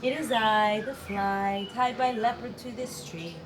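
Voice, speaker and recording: A woman's voice: a little high, steady tone, measured pace, noisy background, close to an everyday voice. A woman doing a pleading sing-song fly. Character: small vain fly tied to a tree.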